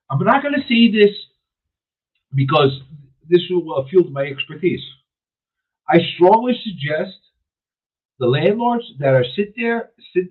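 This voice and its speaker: Radio host, male, husky voice on a tinny phone-like line, opinionated and emphatic. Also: high voice. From New York City. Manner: emphatic, repetitive, restarts mid-sentence. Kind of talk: opinionated talk radio monologue.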